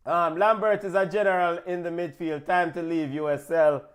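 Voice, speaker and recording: A man with a Jamaican accent hosts a relaxed football watch-along chat. His voice sits a little high for a man, and he gets excitable, calling out players and sending big-ups to listeners. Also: normal speed, clean tone. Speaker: football show host.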